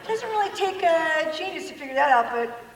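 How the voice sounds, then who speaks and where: A woman giving an animated personal testimony in a church hall, full of self-mocking humor and acted-out quotes. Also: very high voice, a little fast, distant mic, a crowd in the background. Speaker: guest speaker. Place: large church hall with an audience. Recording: echoey hall recorded from afar.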